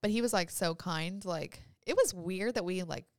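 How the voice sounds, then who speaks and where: A woman's voice: lowish voice, normal speed, dry recording, studio quality. A young adult woman co-hosting a podcast in casual, laughing chat, swearing freely. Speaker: podcast co-host.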